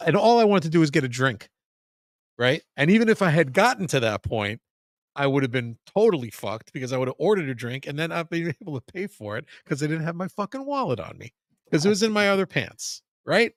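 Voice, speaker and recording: A man's voice: a little high, very animated, a little fast, dry recording, clean studio sound. A man, a podcast guest, telling a long story in casual chat, profane and full of restarts. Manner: rambling, profane, frequent restarts.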